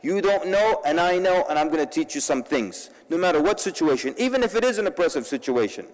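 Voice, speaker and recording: A fairly high-voiced man delivers a sermon-style talk to a convention crowd. He moves between lively storytelling with wry asides and urgent direct appeals to his listeners. His voice carries a long reverb from a large hall. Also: a little fast. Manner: addresses the audience directly and urgently. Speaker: convention speaker.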